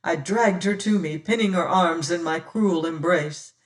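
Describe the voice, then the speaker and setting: An audiobook narrator telling a classic adventure novel in the first person, slow and measured. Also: mid-range voice, distant mic.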